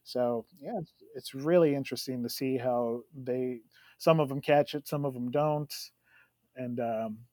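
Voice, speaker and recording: A young man co-hosting a podcast, telling stories in an animated, laughing way. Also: mid-range voice, measured pace, no echo. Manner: animated, storytelling with frequent laughs. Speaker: podcast co-host. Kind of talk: casual chat.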